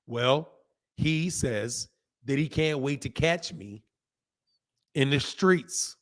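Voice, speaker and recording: A man with a hoarse voice hosting a casual boxing livestream, talking straight to viewers, repeating points and reading out chat comments. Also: medium pitch, animated, slow pace, pauses often. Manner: talks straight to viewers, repeats himself for emphasis. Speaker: boxing channel host.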